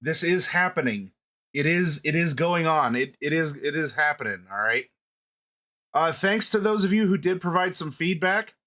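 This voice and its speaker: A man's voice: fairly high pitch, lively intonation, moderate pace, bright, forceful tone. A man hosting a livestream in a playful, chatty way. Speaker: livestream host. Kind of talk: casual livestream chat.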